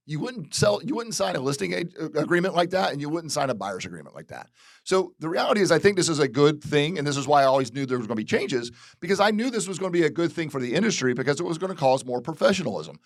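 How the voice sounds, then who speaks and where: A man's voice: fairly high pitch, no echo, studio quality. A man from Florida, a real estate broker, talking candidly about industry changes, repeating phrases and restarting sentences as he goes. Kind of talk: casual commentary. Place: real estate office video.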